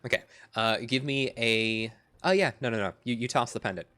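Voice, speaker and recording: A man running a tabletop game as game master, describing the action with frequent pauses and fillers. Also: medium pitch, bright, forceful tone, smooth. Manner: halting, with many fillers.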